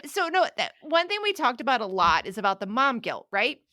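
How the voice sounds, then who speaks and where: Bright, lively mom podcast host. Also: female voice, on the high side. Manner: loud, impassioned, quick tangents. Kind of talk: casual chat.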